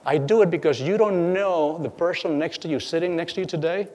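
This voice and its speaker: A middle-aged man giving a lecture as guest speaker, telling stories with halting repeats and acting out bits of dialogue. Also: a little high, a little mellow. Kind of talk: lecture storytelling. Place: lecture hall. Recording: long hall reverb.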